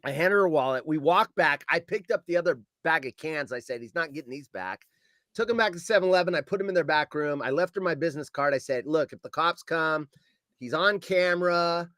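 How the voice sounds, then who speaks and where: A man calling in to a show and telling a story with animated delivery, shouting out his quoted lines and swearing along the way. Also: a little high, fairly quick, dry recording.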